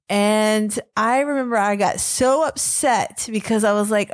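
A woman co-hosting a Christian marriage podcast, telling a story in a casual, animated way and acting out quoted lines. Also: mid-range voice, a little slow, no echo, clean studio sound. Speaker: podcast co-host.

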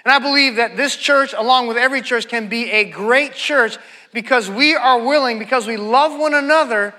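Bright high-voiced preaching pastor. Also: male voice, moderate pace. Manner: preaching with scripture readings, conversational asides. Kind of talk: sermon.

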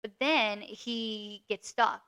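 Brief: young female podcast co-host, bright tone, animated, casual chat. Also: medium pitch, slow pace. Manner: animated plot retelling, frequent "like".

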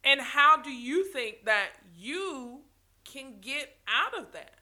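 Slow, bright-voiced woman giving motivational talk. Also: high-pitched, expressive. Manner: passionate, preachy, frequent restarts and laughs.

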